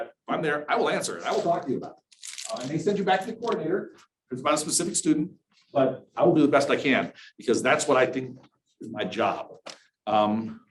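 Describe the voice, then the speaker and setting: A middle-aged man directing a university accessibility office, giving a workshop presentation to an audience in a candid, conversational way with dry, dark humor. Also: mid-range voice, echoey room, a little hiss or hum, poor audio.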